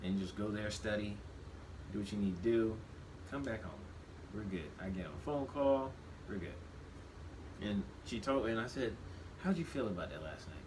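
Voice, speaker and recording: A man in his thirties talking casually on a podcast. He speaks reflectively, restarts his sentences often and gets animated when he quotes himself. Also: fairly low pitch, normal speed, pauses often. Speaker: podcast co-host. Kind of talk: casual conversation. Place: shop. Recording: steady background noise.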